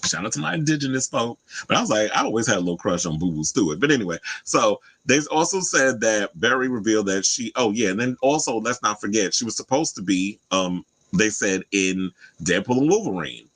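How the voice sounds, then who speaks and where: A man hosting a casual celebrity gossip commentary, chatty and animated, jumping up in pitch for emphasis. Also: fairly quick, hardly any pauses, husky, poor audio. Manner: animated, chatty, swings high for emphasis and quoted asides. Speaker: host.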